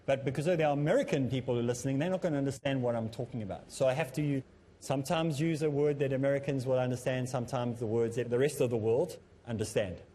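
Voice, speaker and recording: A man presenting a televised lesson on public speaking, talking in a measured, instructive way that he himself calls a bit monotonous. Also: medium pitch, slight background noise. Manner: self-described as a bit monotonous. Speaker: Islamic teacher and TV presenter.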